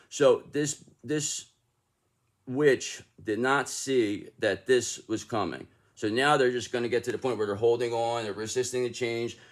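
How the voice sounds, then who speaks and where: A man giving a casual, rambling tarot reading, talking emphatically with restarts and the odd curse word. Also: medium pitch. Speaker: tarot reader.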